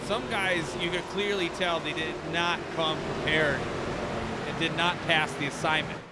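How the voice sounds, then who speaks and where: A man doing jokey, excitable live commentary on a sim race, swearing now and then. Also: on the high side, normal speed, very noisy.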